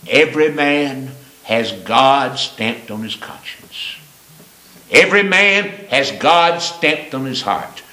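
An older man preaching a sermon in a church, his emphasis swinging from loud rising lines to low quiet asides. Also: reverberant, rough recording. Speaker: pastor. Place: church sanctuary.

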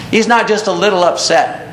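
A man's voice: normal speed, fairly bright tone. A man preaching a sermon in earnest tones, reading scripture aloud and explaining it to a congregation. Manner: earnest, reads scripture aloud in King James wording. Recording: echoey room with faint rumble.

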